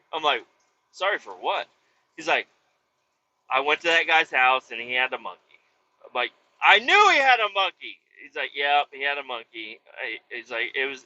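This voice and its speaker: Man, podcast host, lively storyteller with a bright, sharp tone, cursing freely, muffled lo-fi sound. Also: a little high. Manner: animated, swearing, acts out quoted voices. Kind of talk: casual storytelling.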